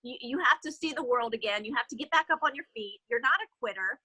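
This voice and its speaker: A woman's voice: a little high, fast, pushed and bright, breathy edge, no room sound, heavily acted, poor audio. A woman voicing an insistent, encouraging male friend while she tells a story on a video call. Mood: urging. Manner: urging, insistent.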